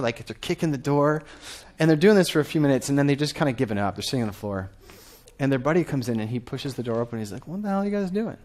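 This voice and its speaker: Guy in his 30s giving a conference talk, upbeat, keeps asking the crowd stuff, pitch middle of the road. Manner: lively, quizzes the audience. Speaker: conference speaker. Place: conference stage before an audience.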